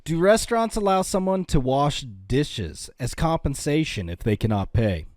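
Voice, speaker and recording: A man co-hosting a comedy podcast who trades teasing comebacks and dark, deadpan jokes. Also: fairly high pitch, moderate pace, no echo, clean studio sound. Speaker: podcast co-host. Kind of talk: casual comedic chat.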